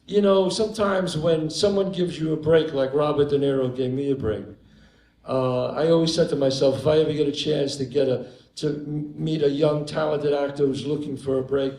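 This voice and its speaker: An older man from the Bronx with a New York accent spins an animated tale for a live audience and acts out the characters as he goes. His voice sits a little high for a man, and the stage sound rings around the room. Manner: animated raconteur, acts out the people in his stories. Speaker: guest actor on stage. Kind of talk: live onstage storytelling. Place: theater stage before an audience. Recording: roomy live venue with crowd.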